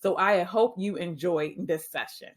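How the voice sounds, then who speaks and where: A woman teacher giving a reading-skills training talk, patiently sounding out letter sounds. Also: on the low side. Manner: clear, patient, sounding out phonemes slowly.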